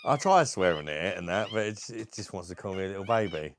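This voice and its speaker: A man's voice: sits low, fast talker, a little hiss or hum. A British man in casual chat, swearing and joking as he coaxes his pet parrot to talk. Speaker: vlogger.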